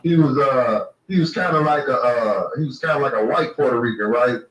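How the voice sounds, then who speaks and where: A man's voice: mid-range voice, brisk, a crowd in the background. A man hosting a casual, profane chat, rambling through stories and asking questions. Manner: laid-back, rambling, asks questions. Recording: roomy echo, distant mic.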